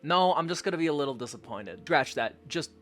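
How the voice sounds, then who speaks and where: A young man, a content creator, answering fan questions in a casual vlog, joking, swearing and doing silly voices in his stories. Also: a little fast. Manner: animated, jokey, swears often, does high silly voices in stories.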